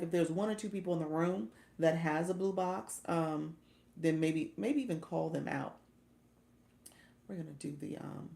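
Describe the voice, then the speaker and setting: Woman livestream coach, low gravelly voice, chatty and laugh-prone, echoey room. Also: warm tone. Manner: chatty, laughs often, thanks viewers by name. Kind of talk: casual livestream talk, reading chat.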